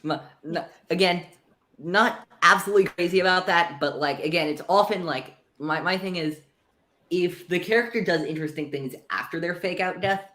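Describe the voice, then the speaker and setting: A man guesting on a podcast, gushing in an animated, casual way. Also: high voice, normal speed. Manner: animated, gushing fan talk. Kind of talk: casual chat. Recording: roomy echo.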